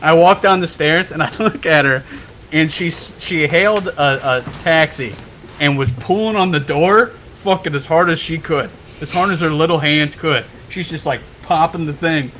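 A young man on a podcast telling a story in a casual, animated way, swearing freely and laughing as he goes. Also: a little high, normal speed, a little hiss or hum, low-quality recording. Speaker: podcast guest.

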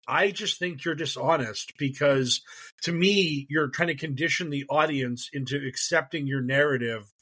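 A man's voice: a little high, bright, forceful tone. A man co-hosting a podcast in casual chat, rambling and mocking, breaking into silly impressions with many restarts. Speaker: podcast co-host.

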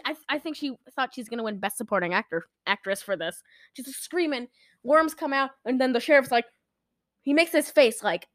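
A woman's voice: sits high, no echo. A young woman chatting casually, rambling through a film recap and acting out the characters' lines. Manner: rambling, animated retelling with acted-out quotes. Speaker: podcast co-host recapping a film. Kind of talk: casual chat.

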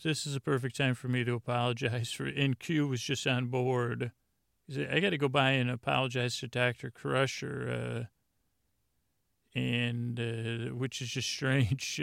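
A man's voice: mid-range voice, vocal fry, a bit bright, no echo, studio quality. A man hosting a podcast, casually recapping an episode from his notes in a rambling way with many fillers. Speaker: podcast host.

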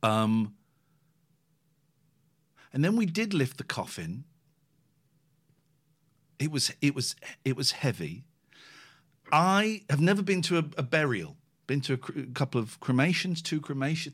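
A man, co-hosting a casual podcast chat and telling an emotional personal story in an animated way. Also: medium pitch, moderate pace, long pauses. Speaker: podcast co-host.

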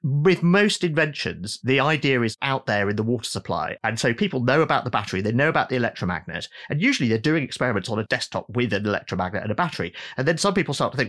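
A middle-aged man, an author being interviewed, explaining in a lively storytelling way and acting out quoted voices. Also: mid-range voice, fast talker, hardly any pauses. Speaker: author and guest.

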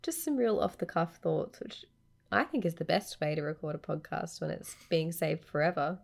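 Sleepy low gravelly woman. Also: animated, normal speed. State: sleepy, just woke up. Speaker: podcast co-host. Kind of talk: casual chat.

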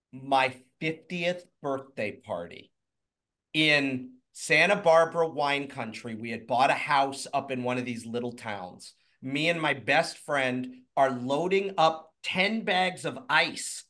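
A man's voice: on the high side, lively intonation, measured pace, fairly bright tone. A man in his fifties, a podcast guest telling stories in a casual, blunt way, swearing freely and acting out what people said. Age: 50s. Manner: blunt, swears freely, acts out quoted lines. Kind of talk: casual storytelling.

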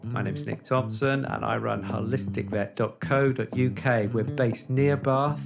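A man's voice: mid-range voice, steady tone, unhurried, creaky, over loud music. A man who works as a vet, hosting a podcast over a video call and teasing his co-hosts in a jovial way. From England. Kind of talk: casual chat.

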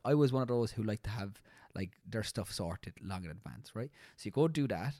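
Animated man chatting casually. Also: lowish voice, fast talker, dry recording, studio quality. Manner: animated, rambling storyteller. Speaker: podcast co-host; teacher. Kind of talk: casual chat.

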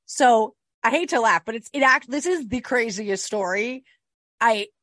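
Animated woman chatting on a podcast. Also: a little high, unhurried, no room sound. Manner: animated, swearing, many fillers and restarts. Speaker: podcast co-host. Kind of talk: casual true-crime chat.

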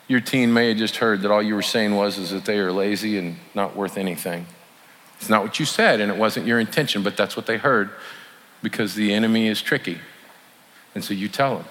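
Male pastor, sermon, low voice, folksy and conversational, long hall reverb. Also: moderate pace, a bit bright. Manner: folksy, conversational preaching with acted-out apologies. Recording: long hall reverb, faint room noise.

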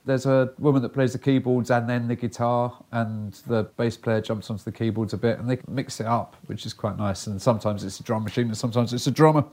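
A man's voice: mid-range voice, darkish tone. A man co-hosting a casual music podcast, talking through albums at length in a chatty, rambling way. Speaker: podcast co-host.

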